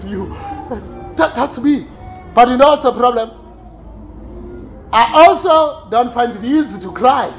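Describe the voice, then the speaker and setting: A man preaching a sermon, animated, swinging between loud exclamations and quiet asides with frequent laughs. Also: extremely high pitch, moderate pace, vocal fry, long pauses, faint music behind. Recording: slightly dull recording with faint room ambience.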